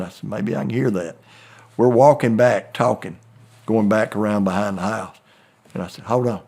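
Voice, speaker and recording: A man's voice: medium pitch, husky. A middle-aged man with a Southern American accent, telling a rambling, folksy story in casual chat. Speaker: turkey hunting guide.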